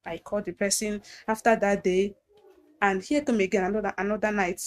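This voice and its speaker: A woman with a Nigerian accent giving a personal testimony in an earnest, halting way, often repeating phrases and restarting. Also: mid-range voice, little pitch movement. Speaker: guest recounting abuse.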